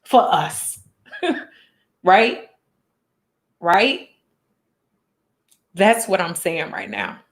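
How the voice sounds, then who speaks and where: A woman's voice: lowish voice, very animated, drawn-out words, pauses often. A woman vlogger, speaking earnestly and emotionally, near tears, repeating lines for emphasis. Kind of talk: emotional direct-to-camera vlog talk. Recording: roomy echo.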